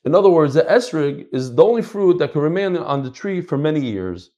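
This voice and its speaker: A middle-aged man teaching a casual Talmud class, animated and swinging between loud and soft. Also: a little high, fairly quick.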